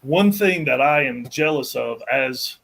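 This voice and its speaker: A man's voice: medium pitch, lively intonation, measured pace, creaky, a bit bright, poor audio. A man and sports fan chatting casually on a podcast, easygoing with frequent restarts. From Maine. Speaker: podcast guest, Clemson fan. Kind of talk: casual chat.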